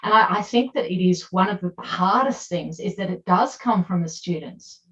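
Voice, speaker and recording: An Australian woman with a slightly low voice speaks as an academic panelist in an online seminar. She is earnest and emphatic. The video call audio is dull and lo-fi. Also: normal speed.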